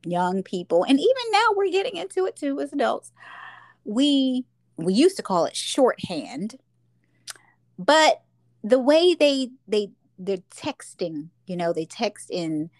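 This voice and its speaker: A woman's voice: measured pace, no room sound. An older woman co-hosting a casual chat, telling stories animatedly and acting out her own reactions. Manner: animated storyteller, acts out her own reactions with big pitch jumps. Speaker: podcast co-host.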